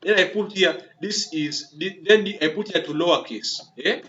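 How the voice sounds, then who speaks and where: Narrating his typing step by step in a screen-recorded coding tutorial, this instructor speaks at normal speed in a pushed, bright voice that sits a little high. He repeats himself, restarts words, and keeps tacking on "okay?" and "yeah?"; the dull lo-fi audio carries a faint hiss.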